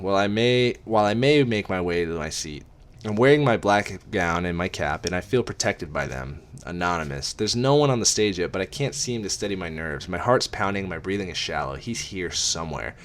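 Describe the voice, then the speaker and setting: A man's voice: low voice, expressive, fairly quick. A man reading a novel aloud in a casual amateur way, with wry asides and casual swearing.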